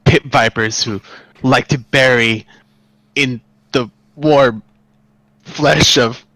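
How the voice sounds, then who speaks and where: A man voicing a brooding young male warrior, speaking in slow dramatic pauses. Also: mid-range voice, fairly even intonation, sharp tone, dry recording, full character voice, low-quality recording.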